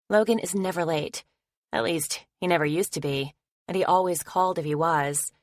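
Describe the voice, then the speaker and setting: Low-voiced woman narrating a romance audiobook. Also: no room sound.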